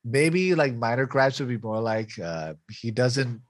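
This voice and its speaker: A young man co-hosting a casual podcast chat, animated, laughing often and filling pauses with "like" and "you know". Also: mid-range voice, no room sound. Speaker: podcast co-host.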